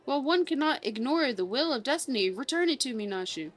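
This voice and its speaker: A woman voicing a pompous, bumbling male gentleman inspector with a put-on southern drawl, reading game dialogue aloud in grand, old-fashioned phrasing. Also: high-pitched, animated, brisk, soft background music, pitched above the performer's own voice.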